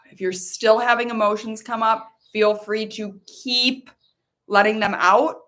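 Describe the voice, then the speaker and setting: A married woman hosting a guided tapping meditation. She speaks in slow soothing prompts, then tells her own story in a lively, chatty way. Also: fairly high pitch. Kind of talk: guided meditation and personal talk.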